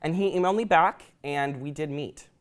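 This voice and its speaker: A man's voice: a little high, moderate pace. A young man giving a prepared talk to an audience, earnest and reflective, with occasional ums. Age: young adult. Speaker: student speaker.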